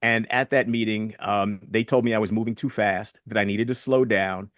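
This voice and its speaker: A man's voice: lowish voice, fairly even intonation, normal speed, fairly bright tone, dry recording, clean studio sound. A man in his sixties, a guest in an interview, telling stories earnestly and reflectively and retelling past conversations. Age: 60s.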